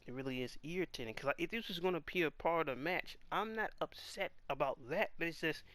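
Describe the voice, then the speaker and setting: A man's voice: fairly high pitch, fast, a bit bright, no room sound. A man giving casual commentary on a comic chapter, exasperated and firing off rhetorical questions. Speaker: manga reaction host.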